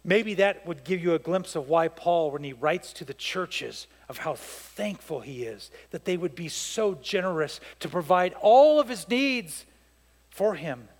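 A man with a fairly high voice preaches a sermon as pastor. He tells stories with animated delivery and acts out the voices of the people in them. The sound carries a long reverb from a church hall. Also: measured pace. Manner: storytelling with acted-out voices, emphatic and animated.

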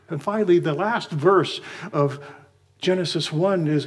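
A man preaching a morning sermon in a measured way, slowing down when he reads scripture aloud. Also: fairly high pitch. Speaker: pastor.

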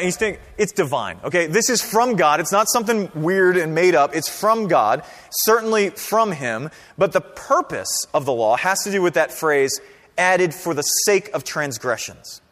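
Lively high-voiced man preaching in a hall. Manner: conversational, animated preaching with frequent "right?" and "okay?". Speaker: pastor. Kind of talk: sermon.

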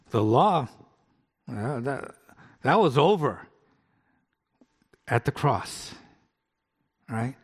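A middle-aged American pastor preaching in a conversational way, often asking the congregation questions. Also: male voice, mid-range voice, lively intonation, drawn-out words, long pauses, husky. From United States. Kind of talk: sermon with live demonstration. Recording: long hall reverb.

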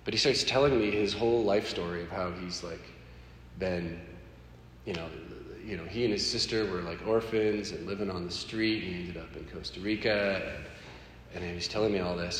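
A man sharing a personal faith story in an animated, conversational way. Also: deep voice, normal speed. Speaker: speaker sharing a personal testimony. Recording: echoey hall with faint background noise.

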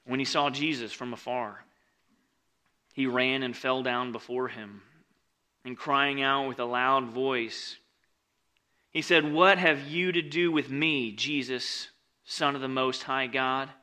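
Bright-toned casual preacher man. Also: takes it slowly. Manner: conversational, with frequent "like" and "right?" asides; swings between loud emphatic reading and quiet lowered asides. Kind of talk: casual sermon, reading and explaining scripture.

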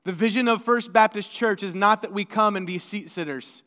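A male pastor preaching a sermon in a church, talking conversationally and moving between hushed and emphatic delivery. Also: sits high, expressive, quick pace, hardly any pauses. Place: church sanctuary. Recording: long reverb of a church sanctuary.

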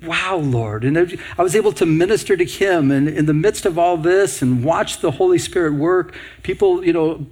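A man's voice: fairly high pitch, normal speed, few pauses, a little mellow, breathy edge. A man preaching a sermon as a pastor, earnest and repetitive, asking the congregation rhetorical questions.

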